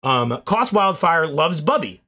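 A man's voice: fairly high pitch, very animated, unhurried, pushed and bright. A young man streaming, rambling casually through thank-yous to his chat and swearing now and then, a little out of breath.

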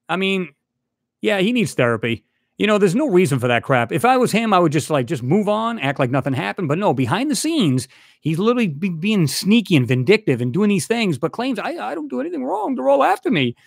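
High, lively-voiced man on a heated rant. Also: fairly quick, no echo, studio quality. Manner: heated, repetitive, addresses a rival directly. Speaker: channel host. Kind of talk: angry ranting vlog.

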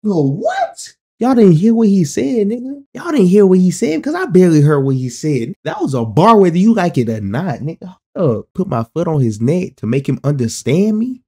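A man hosting a casual album reaction, excitable, laughing and repeating himself. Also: high voice, moderate pace, hardly any pauses. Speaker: music reaction host.

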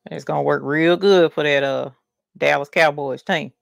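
A woman's voice: sits low, steady tone, normal speed, creaky, dry recording, clean studio sound. A woman with a Southern US country accent, chatting folksily while hosting a craft livestream. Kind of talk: casual livestream chat.

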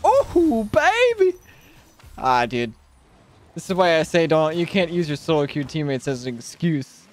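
A young man streaming a car-soccer game, joking and trash-talking, then shouting and squealing at big plays. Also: a little high, fairly quick, few pauses. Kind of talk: live gaming commentary.

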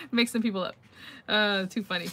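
A woman's voice: medium pitch, huge pitch swings, unhurried, pushed and bright. A middle-aged woman hosting a casual live craft-mail reveal on her phone, chatty and gushing, thinking aloud and laughing often as she answers viewer comments.

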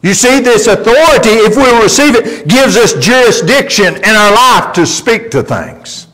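Folksy preacher in a reverberant church. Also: male voice, high-pitched, lively intonation, a little slow, fairly bright tone. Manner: emphatic, folksy storytelling preacher. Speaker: pastor. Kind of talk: sermon. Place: church sanctuary. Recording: long reverb of a church hall.

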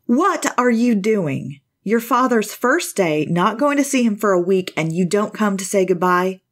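A furious, worried middle-aged mother, put on by a woman reading a story. She scolds in a raised, sharp voice. The tone is impatient and demanding. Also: low voice, drawn-out words, slightly rough, exaggerated voice. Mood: scolding.

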